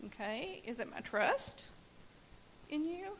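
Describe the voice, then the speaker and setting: Animated woman sharing a church testimony. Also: a little high, unhurried, poor audio. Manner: animated storytelling with laughs. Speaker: church member giving testimony. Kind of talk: personal testimony. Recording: faint hiss.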